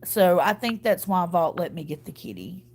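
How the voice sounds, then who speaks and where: A woman's voice: on the low side, big pitch swings, moderate pace, a little mellow, breathy edge. Choked-up woman chatting. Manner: chatty, rambling, folksy. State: choked up from crying. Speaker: vlogger. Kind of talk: casual chat to viewers.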